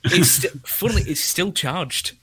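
A man's voice: high voice, lively intonation, unhurried, a crowd in the background. A man with a British accent in a casual group chat, laughing often and joking about himself. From United Kingdom. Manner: laughs often, self-deprecating. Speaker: guest from the UK.

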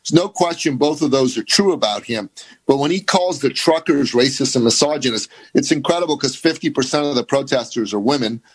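A man's voice: medium pitch, rough recording. A man from the Middle East as a guest commentator, talking heatedly and emphatically with stammering restarts.

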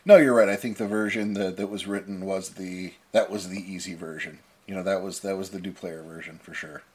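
Low-voiced playful man. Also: steady tone, breathy edge. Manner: playful, quick to laugh and agree. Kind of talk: casual podcast banter.

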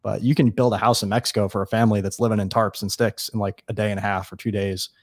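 A man from New York State, a guest in a casual interview, telling stories quickly and acting out what people said. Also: on the low side, no room sound, clean studio sound. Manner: fast, animated storyteller acting out dialogue.

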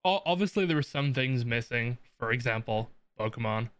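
A man hosting a podcast in relaxed, easygoing casual chat. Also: medium pitch, normal speed, clear, resonant tone, no room sound. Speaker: podcast host.

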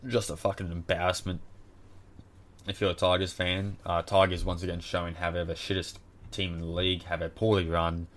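A deep-voiced man with an Australian accent runs through results in a casual rant. He is blunt and exasperated and swears constantly. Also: little pitch movement, fairly quick, fairly bright tone. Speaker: podcast host.

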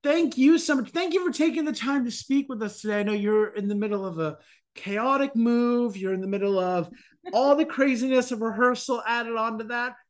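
A man's voice: very high-pitched, normal speed. A man hosting a theater podcast, reading an enthusiastic intro and asking interview questions. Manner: upbeat, enthusiastic presenter. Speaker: podcast host.

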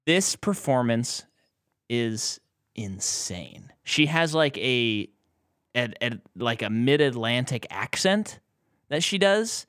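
A man co-hosting a podcast, giving blunt opinions on movies with lots of halting restarts. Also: mid-range voice, sing-song, a bit bright, no echo, studio quality. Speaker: podcast co-host. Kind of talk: casual movie-review chat.

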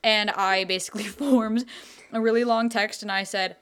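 A woman's voice: medium pitch, moderate pace, clear, resonant tone. A young woman with a mid-range voice chats casually as a podcast co-host. She tells a story with lots of energy, swears without a second thought and laughs easily. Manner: animated, swears freely, laughs often.

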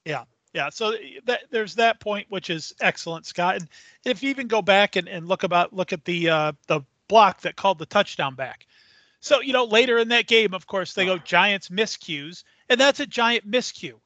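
A middle-aged man co-hosting a casual sports podcast, talking in a measured, thoughtful way. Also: sits high, lively intonation, pushed and bright, dry recording. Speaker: podcast co-host.

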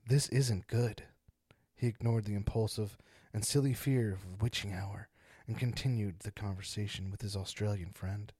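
A man's voice: lowish voice, warm tone, breathy edge, no room sound, studio quality. A man hosting a casual podcast, joking around and reading spooky stories aloud with dramatic emphasis. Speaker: podcast host.

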